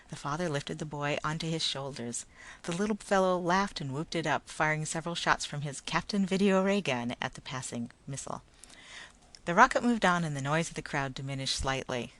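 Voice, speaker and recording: A woman narrating a science fiction story in a steady, expressive reading voice. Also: sits low. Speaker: audiobook narrator.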